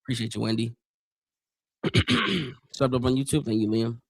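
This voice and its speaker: A man from Northeast Ohio hosting a live stream, giving casual play-by-play, chatting with viewers in loose slang, his voice getting hoarse. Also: medium pitch, animated, unhurried, no room sound. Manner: chatty, loose slang, reads chat aloud. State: voice going hoarse.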